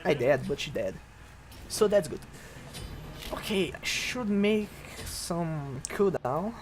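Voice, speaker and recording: A man giving let's-play commentary on a game, breaking into excited, swearing outbursts at the action. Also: fairly high pitch, takes it slowly. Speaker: gameplay commentator.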